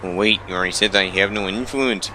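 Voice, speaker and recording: A man voicing a sly, gloating older brother in a low, slow, smug voice, in a visual novel reading. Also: sharp tone, a little hiss or hum.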